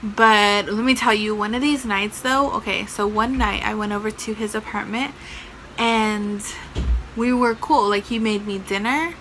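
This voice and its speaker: A young woman vlogger telling a personal story casually, her voice bright and clear. She is chatty and fills her speech with fillers as she recounts what happened. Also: medium pitch, measured pace, slight background noise, rough recording. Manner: chatty, lots of fillers, animated retelling.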